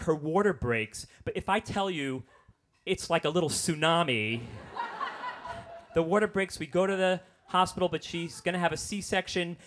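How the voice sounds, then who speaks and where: A man's voice: a little high, a bit bright. Wry fifty-year-old man telling a comic story. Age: 50s. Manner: exasperated, self-mocking storytelling with quick asides. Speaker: comedian telling a personal story. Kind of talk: stand-up storytelling.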